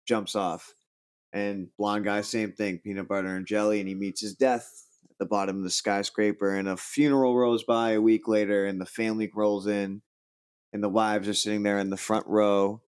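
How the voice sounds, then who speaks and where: A low-pitched man hosts a casual podcast, rambling through a joke with many fillers and restarts. He raises his voice for the characters he quotes. The sound is dry and close, with no room in it. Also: smooth, dry recording. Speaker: podcast host. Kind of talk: casual chat.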